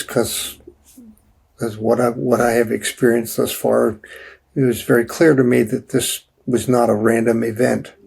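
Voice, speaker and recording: An older man telling his personal story as an interview guest, halting with many restarts and fillers. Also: medium pitch, vocal fry, a little mellow, breathy edge.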